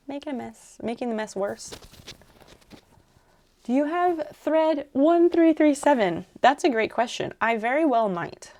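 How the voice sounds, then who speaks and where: A woman's voice: on the high side, creaky, noisy background. A woman streaming live while she crafts, musing aloud as she works and answering her viewers' chat in a casual way.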